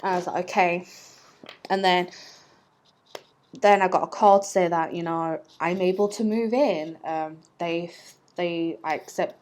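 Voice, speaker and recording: A young woman vlogging talks through a personal story in a lowish, darkish voice, unhurried and fairly even in intonation, with a faint hiss or hum in the audio. She's rambling and chatty, filling gaps with ums and laughing at her own expense.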